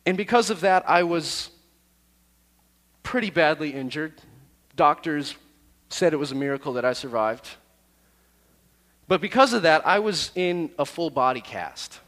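A man who is a youth pastor, telling a personal story to his youth group in a lively, self-deprecating way. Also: on the high side, unhurried, pauses often, long reverb tail.

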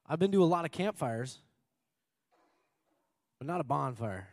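Slightly high-voiced and expressive, a man speaks at a measured pace while preaching an earnest sermon as a Minnesota pastor. He repeats phrases for emphasis and laughs occasionally. The recording is dry, with clean studio sound.

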